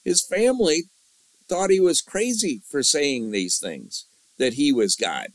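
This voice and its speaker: A man's voice: fairly high pitch, sing-song, a little slow, no room sound, low-quality recording. Man teaching a Bible lesson. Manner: repeats key lines, asks the class questions.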